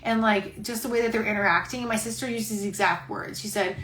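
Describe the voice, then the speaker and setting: A woman's voice: mid-range voice, fairly even intonation, fast talker, fairly bright tone, echoey room, a little hiss or hum, rough recording. A pregnant woman hosting a casual live-stream chat, rambling and heartfelt, saying "like" constantly. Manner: chatty, rambling, heavy use of "like"; heartfelt, near tears. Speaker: host. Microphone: phone live stream.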